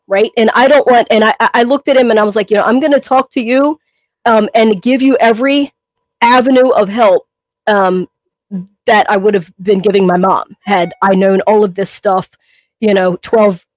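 A woman's voice: mid-range voice, no room sound, low-quality recording. A woman co-hosting a podcast, a personal trainer telling a long, emotional story in a rambling way, full of fillers. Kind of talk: casual podcast chat.

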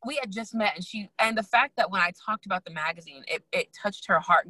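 A young adult woman, a guest and magazine founder, telling her story in a lively way, acting out quoted voices and laughing often. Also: medium pitch, a little fast, few pauses, low-quality recording. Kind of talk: animated storytelling in casual chat.

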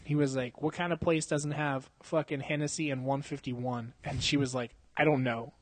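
A young male podcast host talks at normal speed in a steady, medium-pitched voice, holding a handheld mic. He casually tells a long story set in a bar, heavy on profanity and slang, laughing frequently and acting out what people said.

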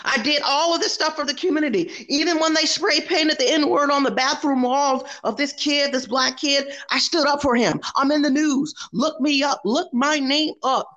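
A woman's voice: high-pitched, moderate pace, few pauses, fairly bright tone, muffled recording, pitched above the performer's own voice. A woman voicing a defensive coworker who rants insistently and repeats herself. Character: defensive, ranting woman coworker, near hysterical.

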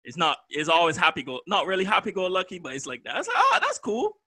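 Lively, bright-voiced young man. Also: fairly high pitch, rapid-fire, a little hiss or hum. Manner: animated, laughing, acts out quoted friends. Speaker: podcast co-host. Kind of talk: casual chat.

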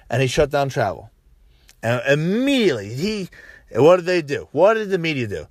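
A man delivering a profane, animated political rant, tagging his points with "right?" and restarting sentences. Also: a little high, normal speed, dry recording, clean studio sound. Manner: frequent "right?" tags and restarts. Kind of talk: casual political monologue.

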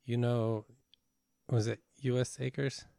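A man's voice: medium pitch, takes it slowly, gravelly, smooth, no room sound, studio quality. Laid-back man co-hosting a podcast. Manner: relaxed, teasing, steers the segments. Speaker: podcast co-host. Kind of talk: casual chat.

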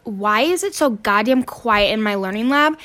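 Teen girl venting on her podcast, kinda high voice, swears a lot, keeps restarting. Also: lively intonation, moderate pace, fairly bright tone. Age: teens. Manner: exasperated, swearing, rambling with restarts. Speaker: student podcaster. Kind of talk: ranting casual podcast.

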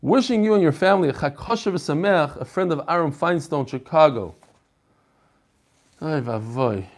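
Chatty higher-voiced male teacher. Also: lively intonation, moderate pace. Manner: chatty, joking, reads messages aloud. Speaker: rabbi teaching a Talmud class. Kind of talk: casual lesson with reading of emails.

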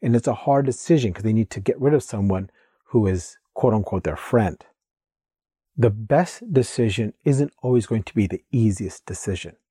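Blunt man with a mellow, husky voice. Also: fairly low pitch, animated, normal speed, dry recording, clean studio sound. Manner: blunt, emphatic, preachy. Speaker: real estate agent and investor. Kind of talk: casual direct-to-camera advice monologue.

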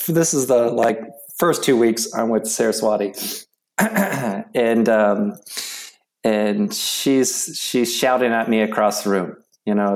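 A middle-aged man, a guest in an interview, telling stories haltingly with many restarts and fillers. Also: lowish voice, darkish tone. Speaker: interview guest, yoga practitioner. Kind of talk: casual storytelling interview.

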